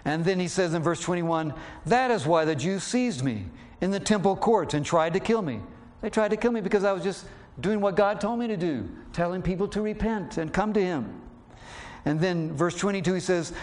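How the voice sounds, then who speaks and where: A man preaching a sermon, slowing down to read scripture aloud and raising his voice to act out the quoted lines. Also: a little high, a little mellow. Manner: acts out quotes with raised voice; slows down when reading scripture.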